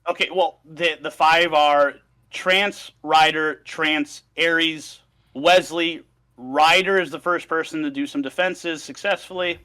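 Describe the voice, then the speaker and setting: A man's voice: a little high, fairly even intonation, measured pace, sharp tone. A man on a casual podcast, recapping notes in an upbeat, slightly scattered way. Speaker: podcast co-host reading out history notes.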